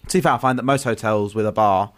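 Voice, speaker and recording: A man's voice: on the low side, quick pace, a bit bright. A man hosting a casual chat, rambling through stories with lots of restarts and ums. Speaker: podcast host.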